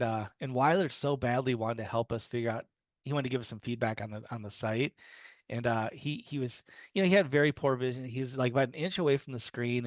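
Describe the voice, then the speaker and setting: A man's voice: medium pitch, no echo. A man speaking casually to a small group, telling stories with lots of fillers and restarts. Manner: friendly storytelling with fillers and restarts. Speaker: guest speaker on low-vision resources.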